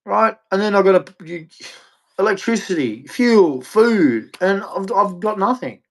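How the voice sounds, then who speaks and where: A man's voice: sits high, expressive, a little slow. A man with an Australian accent, ranting angrily and swearing often as he repeats himself. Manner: agitated, profane, repetitive. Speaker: streamer. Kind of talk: angry rant.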